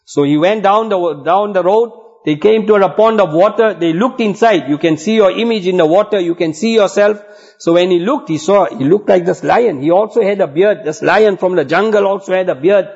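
A man's voice: high voice, moderate pace, creaky, a little mellow, slightly rough. A man preaching a sermon to elders and friends, telling a story and exhorting earnestly. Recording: dull lo-fi recording.

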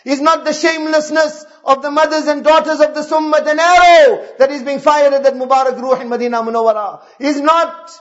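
High-voiced impassioned male preacher. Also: steady tone, a little fast, fairly bright tone, muffled recording. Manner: impassioned, repetitive rhetorical questions. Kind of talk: sermon.

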